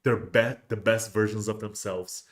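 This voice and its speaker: A man's voice: lowish voice, fairly even intonation, moderate pace. A man hosting a casual livestream, rambling with many restarts and fillers. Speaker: host of a miniatures livestream.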